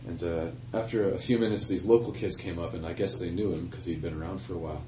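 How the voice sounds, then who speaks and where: Deep-voiced man telling a stage story. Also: steady tone, fast, a little mellow, a little hiss or hum. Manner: rambling, laughing anecdote with self-corrections. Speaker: singer-songwriter performing live. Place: live music venue with audience. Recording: echoey live room from far off.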